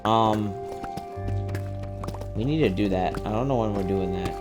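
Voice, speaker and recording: Young dude streaming a game, lowish voice, rambly and sweary, music in the back. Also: male voice, a little slow. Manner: loose, rambling, swears often. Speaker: gaming streamer. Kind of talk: casual gaming chat.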